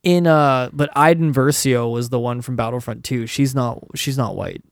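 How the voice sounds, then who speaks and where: A man in casual conversation, telling stories in an animated way. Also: mid-range voice, creaky, no echo, clean studio sound. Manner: animated storytelling, quick asides. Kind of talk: casual chat.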